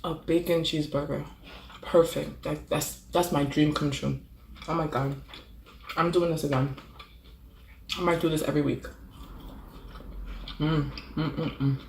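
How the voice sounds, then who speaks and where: A woman talks casually to her viewers between bites, humming "mm" as she eats. Her voice carries a gravelly fry, and the room around her sounds echoey. A faint room hum sits underneath. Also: deep voice, fairly even intonation, moderate pace, long pauses, darkish tone. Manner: chatty, savoring with frequent mm sounds between bites. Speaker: food vlogger. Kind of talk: casual mukbang eating vlog.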